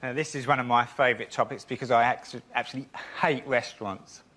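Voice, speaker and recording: A man's voice: mid-range voice, steady tone, brisk, a bit bright. A man telling a stand-up routine on a TV panel show, acting out the voices in his story. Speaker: comedian panelist.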